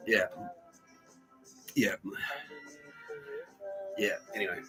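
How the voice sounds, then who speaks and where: A man's voice: fairly low pitch, fairly even intonation, a little slow, long pauses, over music, low-quality recording. A man hosting a podcast. He tells a rambling, profane story with frequent laughs and restarts. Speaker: podcast host. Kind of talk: casual storytelling monologue.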